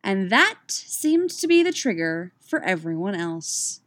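A woman's voice: mid-range voice, very animated, slow, few pauses, fairly bright tone, dry recording. Woman narrating a novel steadily. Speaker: audiobook narrator. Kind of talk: scripted narration.

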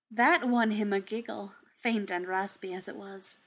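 Woman softly reading a story. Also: medium pitch, fairly even intonation, unhurried, few pauses. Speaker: narrator. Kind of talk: fan fiction reading.

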